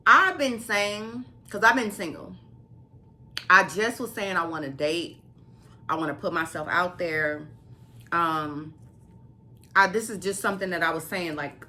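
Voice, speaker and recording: Young woman vlogger, crisp bright voice, animated storytelling. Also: lowish voice. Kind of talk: storytime vlog.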